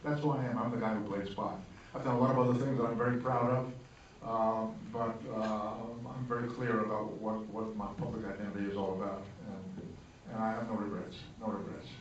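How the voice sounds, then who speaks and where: An older man speaking as guest at a screening Q&A, telling anecdotes in an animated, self-mocking way to an audience in a large hall. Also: fairly low pitch, fairly quick. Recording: echoey hall, distant, dull, noisy.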